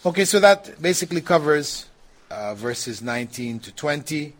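A man giving a relaxed religious lesson, talking conversationally, laughing now and then and often saying "you know". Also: fairly high pitch, normal speed. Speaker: Islamic teacher. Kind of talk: religious lecture with questions.

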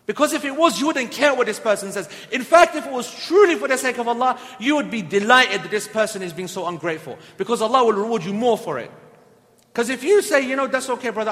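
A man preaching with a strikingly high voice, slipping into the voices of the people in his examples. His words ring out with a long reverb tail, as though in a large hall. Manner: lively storytelling, acting out quoted people. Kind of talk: sermon.

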